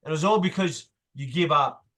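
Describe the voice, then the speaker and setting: A man's voice: on the high side, fairly quick, a bit bright. A man leading a motivational group session as coach, emphatic, repeating key phrases and swearing casually.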